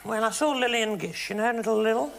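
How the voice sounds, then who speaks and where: A man's voice: high voice, a little fast, gravelly. A man playing a flamboyant, teasing middle-aged woman star who hosts a comic chat show and calls everyone darling. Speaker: talk show host. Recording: loud studio audience and noise.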